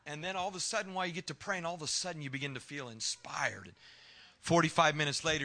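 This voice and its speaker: A man's voice: on the high side, quick pace, pushed and bright. A man preaching a sermon as pastor, drawing in the congregation with questions.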